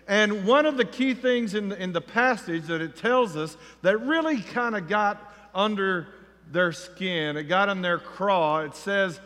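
A man preaching a sermon, telling the story with feeling and acting out the crowd's voices, rising to near shouts. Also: high voice, a little slow. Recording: long reverb of a large hall.

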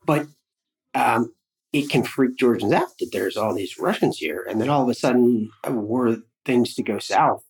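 A man as a podcast guest, talking in a thoughtful, measured way in casual conversation. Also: medium pitch, animated, poor audio.

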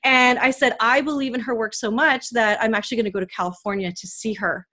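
A Canadian woman hosts a podcast interview, speaking quickly in a high, steady, pushed and bright voice. The conversation is emotional, and she shares a personal story in an earnest, heartfelt way.

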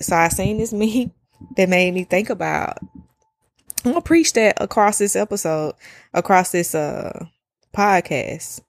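A woman, hosting a casual solo podcast and talking in an animated, slangy way with free swearing. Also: medium pitch, vocal fry, no room sound, studio quality. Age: 30s. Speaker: podcast host.

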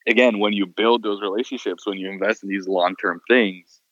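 Man, low, quick, animated storyteller, dry dull lo-fi sound. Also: dry recording. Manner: animated storyteller, acts out quotes. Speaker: photographer. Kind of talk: casual podcast storytelling.

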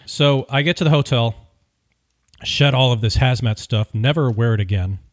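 A podcast host, a man with a mid-pitched voice, tells a casual story in a wry, opinionated, lively way at normal speed. The recording is close and dry, with no room sound or echo.

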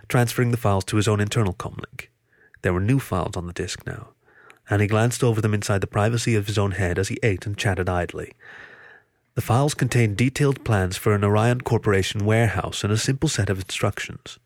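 A man narrates a thriller story in a low voice, steady and even. The sound is dry and close, with no room around it. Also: brisk, dry recording. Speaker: audiobook reader.

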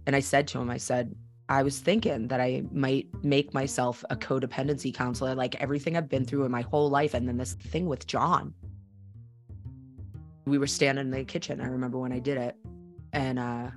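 A woman's voice: rumbling low, steady tone, brisk, faint music behind. Candid woman podcast host. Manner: candid and conversational, with frequent fillers. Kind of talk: personal storytelling podcast.

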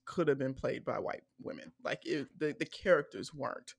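A chatty, candid podcast co-host reviewing a film, talking loosely with lots of "like" and "um" and quick laughs. The voice sits in a middling pitch. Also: vocal fry. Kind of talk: casual film review chat.

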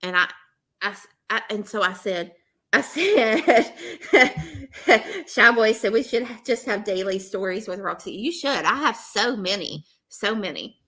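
A woman's voice: mid-range voice, measured pace. A woman, telling a story in casual chat and acting out both sides of the dialogue. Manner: animated, laughing, acts out both sides of dialogue.

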